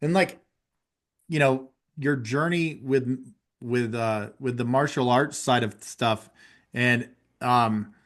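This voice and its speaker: A man hosting a podcast interview, reacting encouragingly and asking unhurried questions. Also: medium pitch. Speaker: podcast host.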